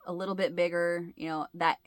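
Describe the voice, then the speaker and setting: A woman's voice: lowish voice, little pitch movement, a little fast, dry recording, studio quality. Rambling middle-aged woman chatting to viewers. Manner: rambling storyteller, loses her words and restarts. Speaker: host of a crochet channel. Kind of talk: casual chat to viewers.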